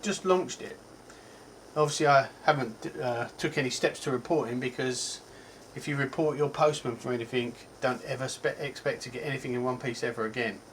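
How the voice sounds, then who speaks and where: A man's voice: mid-range voice, fairly even intonation, brisk, a bit bright, a little hiss or hum, poor audio. Chatty Cockney man reviewing a gadget. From England. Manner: rambling, chatty, self-correcting, frequent ums. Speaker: tech reviewer. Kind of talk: casual product review.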